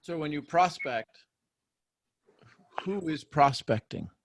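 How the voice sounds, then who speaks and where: A man's voice: a little high, animated, slow, dry recording. Emphatic male life coach, dry sound. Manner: emphatic, encouraging, repeats phrases. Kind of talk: live coaching session.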